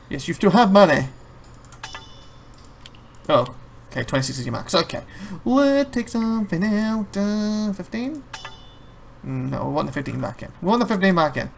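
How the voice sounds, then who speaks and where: A man's voice: on the high side, lively intonation, brisk, creaky, pauses often, a little hiss or hum. Man, chatty let's-play host, rambles off on tangents, laughs a lot. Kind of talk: casual gameplay commentary.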